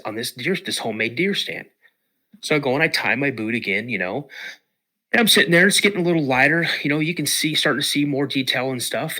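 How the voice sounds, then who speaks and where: A middle-aged man, a podcast guest, telling a story casually with lots of repeats and restarts. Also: medium pitch. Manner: animated, repeats words and restarts.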